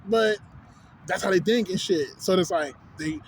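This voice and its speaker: A man's voice: high voice, moderate pace, a little hiss or hum. A man with a Texan accent ranting casually outdoors on a city street, rambling and profane, constantly asking if you follow him. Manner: rambling, profane, keeps asking "you know what I'm saying". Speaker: vlogger. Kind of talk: casual rant.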